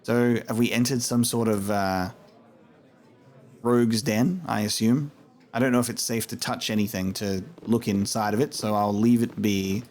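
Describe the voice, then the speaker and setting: A man's voice: on the low side, steady tone, moderate pace, a little mellow. A man giving playful playthrough commentary, laughing often and reading in-game dialogue aloud. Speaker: gamer.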